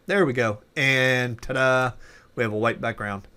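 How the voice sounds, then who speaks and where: This programming instructor, mid-pitched and ordinary-sounding, explains his code off the cuff in a casual tutorial, muttering, correcting himself, and using many fillers as he types and thinks aloud over clattering keys. His intonation is fairly even, his pace a little slow, and his tone clean.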